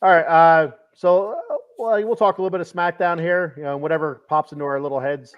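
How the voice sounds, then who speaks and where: A man's voice: on the high side, a little fast, smooth, lo-fi sound. A man hosting a podcast in casual chat, rambling as he reads viewer comments aloud. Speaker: podcast host.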